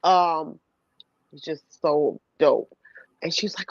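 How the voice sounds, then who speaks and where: Woman, casual storyteller, lively and profane, mid pitch; dull, dry recording. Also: moderate pace, breathy edge, dry recording. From New York City. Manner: animated, laughing, swears freely. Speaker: voice actress telling a story.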